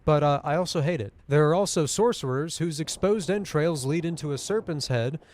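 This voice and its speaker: A man's voice: a little high, brisk, a little mellow. A young man hosting a video, narrating a scripted essay with wry, conversational asides. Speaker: YouTube host.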